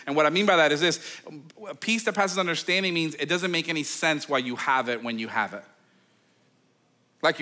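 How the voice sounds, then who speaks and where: A man, a pastor, preaching a sermon in a conversational, animated storytelling way, full of casual fillers. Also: medium pitch. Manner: animated storytelling, acting out quoted voices; conversational, with many fillers like "like" and "okay".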